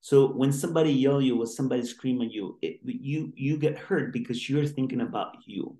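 In an interview conversation with noticeable room echo, the guest, a male doctor, talks briskly in a mellow mid-range voice. He comes across as earnest but rambling, frequently starting sentences over.

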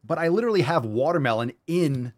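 A man's voice: on the high side, fast talker, no room sound. Guy hosting a podcast stream, swears a ton, sarcastic, bouncy up-and-down voice, dry close mic. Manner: crude, sarcastic, swears a lot; animated, reads viewer comments aloud. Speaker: podcast host. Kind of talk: casual livestream chat.

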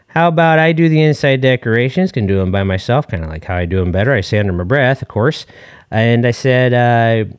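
Comedy podcast caller bit: a man as a corny, rambling family man, folksy and full of fillers, mid-pitched, dry close mic. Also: clear, resonant tone, no room sound, close to an everyday voice. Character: folksy rambling married dad caller, long-winded and corny. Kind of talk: comedic call-in character bit.

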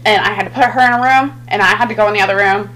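A woman's voice: medium pitch, very fast, fairly bright tone, low-quality recording. A woman hosting a podcast in casual chat, talking bluntly and swearing freely. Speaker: podcast host.

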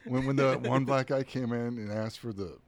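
A man's voice: mid-range voice, steady tone, moderate pace, vocal fry, no room sound. A man co-hosting a podcast, chatting casually and telling old work stories with lots of fillers and frequent laughter. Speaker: podcast co-host. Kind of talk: casual chat.

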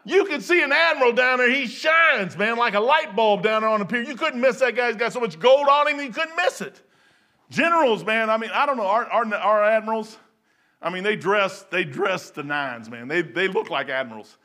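An older man preaches in a loose, folksy way, quick to get excited. His voice sits high and rings bright and forceful. He rambles through asides and then bursts out loud. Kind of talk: informal sermon.

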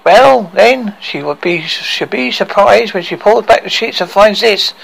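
A man's voice: sits high, a little slow, vocal fry, fairly bright tone, pitched above the performer's own voice, exaggerated voice, rough recording. A man reading a story aloud and voicing a cruel, gloating female villain queen with a theatrical, cackling manner.

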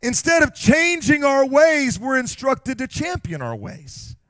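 Male pastor, sermon, very high pitch, dry close sound, fervent and emphatic. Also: sing-song, dry recording. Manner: impassioned preaching that swells to shouts and slows on key phrases. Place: church.

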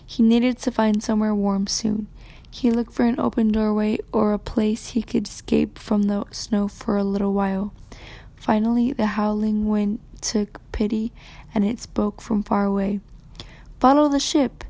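Woman reading a book out loud, soft almost whispery, mellow darkish voice. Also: medium pitch, level tone, normal speed. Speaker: student reader. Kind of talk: reading a novel aloud with commentary.

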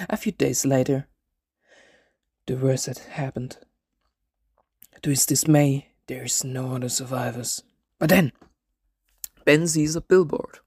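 A man narrating an absurd comedic story in a deadpan way, voicing every character himself. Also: medium pitch, dry recording, studio quality.

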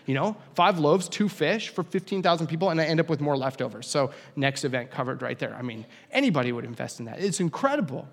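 A man's voice: on the high side, very animated, fast, few pauses. A young man preaching a casual, conversational sermon with humorous asides. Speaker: pastor. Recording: long hall reverb.

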